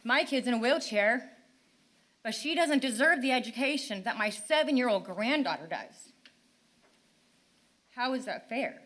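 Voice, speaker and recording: A middle-aged woman speaks at a council podium, her voice bright and edged. She is frustrated and pleading, firing rhetorical questions at the room. Her pitch sits a little high for a woman. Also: expressive, unhurried, long pauses. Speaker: parent speaking at public comment. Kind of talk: impassioned public comment. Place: town council meeting chamber.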